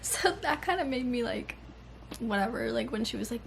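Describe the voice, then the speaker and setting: Animated young woman gushing about books. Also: a little high, normal speed, gravelly. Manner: animated, swears often, says "like" a lot. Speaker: book vlogger. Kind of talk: casual reading vlog. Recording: faint background noise.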